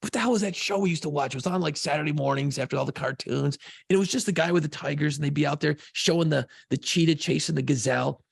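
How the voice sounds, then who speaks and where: A man co-hosting a podcast, telling a profane, excitable story in casual chat. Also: a little high, quick pace, dry recording, clean studio sound. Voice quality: gravelly, husky voice. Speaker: podcast co-host.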